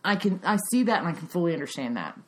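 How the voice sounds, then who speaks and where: A woman, chatting casually. Her voice runs low but swings up and down with lively animation, and she laughs through her stories and acts out the other voices in them. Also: fast talker. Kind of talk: casual chat.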